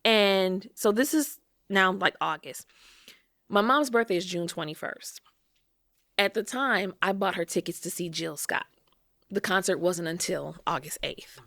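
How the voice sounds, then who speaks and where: A woman's voice: lowish voice, measured pace, creaky, a bit bright, no room sound. Dry-sounding woman telling a story. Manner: conversational, frequent "like", acts out quoted voices. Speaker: podcast guest. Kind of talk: personal storytelling.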